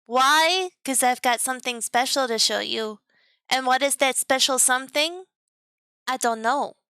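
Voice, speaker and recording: A woman's voice: high voice, unhurried, sharp tone, clear, resonant tone, dry recording, clean studio sound. A young woman streaming as a VTuber, chatting to her viewers in a silly, teasing, sing-song way and giggling often. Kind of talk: playful live stream chat.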